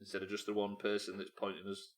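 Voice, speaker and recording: The background is noisy as a Yorkshire streamer chats casually with viewers while gaming, joking and asking questions aloud in his accent from Yorkshire, England. He talks fast in a low, monotone voice.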